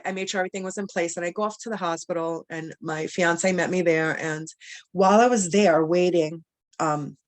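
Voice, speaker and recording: Young adult woman, lower pitch, casual storyteller with lots of fillers. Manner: animated, many fillers, quotes people in dialogue. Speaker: cancer survivor guest. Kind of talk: personal storytelling.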